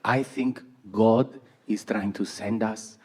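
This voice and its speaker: A man voicing his blunt, pious older mother, slow and flat. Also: lowish voice, background noise, voice pushed down. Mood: flat, ominous.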